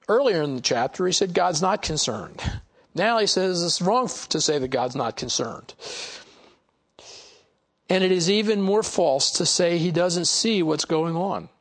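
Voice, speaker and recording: A man teaching a Bible study, reading passages aloud and commenting on them in a conversational way, with frequent "you know" asides. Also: fairly high pitch.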